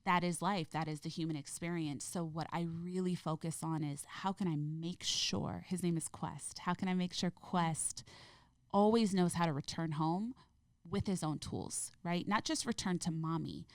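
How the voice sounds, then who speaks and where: A woman speaking as a podcast guest in an earnest, gentle, heartfelt way. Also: lowish voice, normal speed, no echo, studio quality. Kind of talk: reflective interview conversation.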